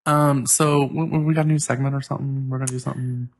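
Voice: mid-range voice, little pitch movement, fast talker. A podcast co-host in casual chat, rambling with lots of fillers.

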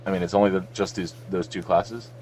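A man's voice: sits low, steady tone, fairly quick, a little mellow, slight background noise. A man from South Florida co-hosting a podcast, joking around and swearing freely in casual banter. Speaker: podcast co-host.

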